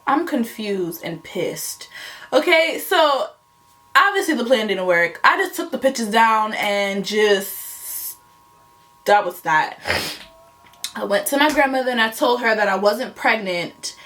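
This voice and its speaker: A young woman recounts a story to camera in lively, slangy casual talk. Her voice sits a little high and swings between bursts and murmurs. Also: measured pace. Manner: animated, laughing, slangy retelling. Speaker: vlogger.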